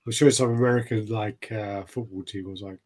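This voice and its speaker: A man's voice: on the low side, fairly even intonation, fast talker, a little mellow. Sweary man in casual chat. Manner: swears freely, trails off with fillers. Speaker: co-host of a collectibles chat show.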